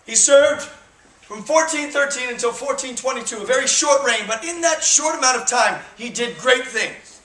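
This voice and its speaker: This touring actor has a very high-pitched, fairly bright voice and an animated delivery at normal speed. He relates a history tale to students with jokes and emphasis, keeping it conversational, and a faraway camera records the theatrical performance amid the echo of a school auditorium.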